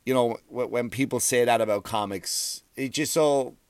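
A man's voice: medium pitch, normal speed, clear, resonant tone, no room sound. A man, a comedian hosting his own podcast, ranting in a rambling way, swearing freely and restarting his sentences. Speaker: stand-up comedian and podcast host. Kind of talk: profane comic rant.

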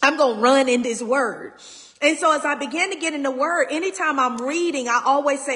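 Tearful woman host, high voice, long reverb, raw faith talk. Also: brisk, sharp tone. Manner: raw, tearful, holding back crying. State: near tears. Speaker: podcast host. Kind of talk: emotional faith talk to listeners.

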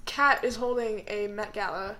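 A young woman in a casual chat with friends, giggly and quick to echo what others say. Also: medium pitch, noisy background.

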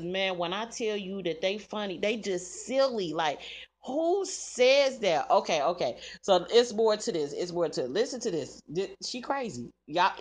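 A woman in her thirties talking casually to her viewers, chatty and quick to laugh. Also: mid-range voice. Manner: chatty, addresses viewers as "y'all", laughs through her words. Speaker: vlogger.

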